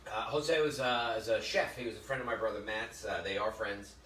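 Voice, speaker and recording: A middle-aged man leads a relaxed cooking demonstration, joking with the audience and wandering into stories. His voice sounds set back from the mic in an echoey kitchen. A faint room hum sits underneath. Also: fairly low pitch, fairly quick, distant mic. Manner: chatty storyteller, jokey asides to viewers. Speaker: cooking show host.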